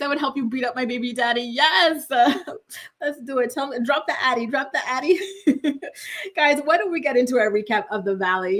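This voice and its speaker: Chatty woman host, higher voice. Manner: chatty, animated, laughs often. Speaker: host of a morning gossip show. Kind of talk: casual livestream chat reading comments.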